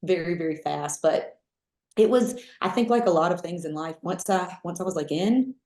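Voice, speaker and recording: A woman with a Southern American accent, telling her life story as a lively, chatty interview guest full of fillers. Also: fairly low pitch, normal speed, echoey room. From Southern United States. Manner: lively, chatty, many fillers, mimics others in quotes. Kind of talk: animated storytelling in conversation.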